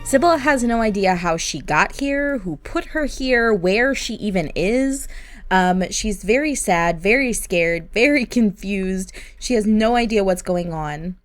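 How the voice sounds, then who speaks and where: A woman's voice: mid-range voice, animated, unhurried, soft background music. Chatty woman narrating a game. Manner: chatty, with fillers and laughs. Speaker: gaming channel host.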